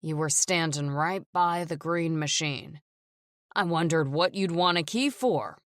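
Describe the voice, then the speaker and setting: A woman reading an audiobook, voicing a drunk, suspicious husband who talks slowly and snarls. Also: sits low, fairly bright tone, no room sound, clean studio sound. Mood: angry. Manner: slow, snarling.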